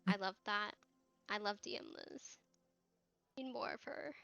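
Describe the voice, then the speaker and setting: Slow-talking bright young woman recapping. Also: mid-range voice, gravelly, no echo, lo-fi sound, soft background music. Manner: emotional, laughing, candid, swears freely. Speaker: cast member on a recap show. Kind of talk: casual recap chat.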